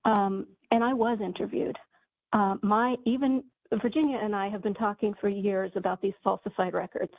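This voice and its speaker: A woman giving an angry, impassioned public comment with halting phrasing, heard over a call. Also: medium pitch, fairly even intonation, creaky, dry recording. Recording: phone-like dry call audio.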